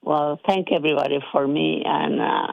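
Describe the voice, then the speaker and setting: A woman's voice: low-pitched, big pitch swings, moderate pace, creaky, narrow, tinny audio. An older woman calling in to a radio show, sweetly chatting. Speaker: caller. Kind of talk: phone-in chat.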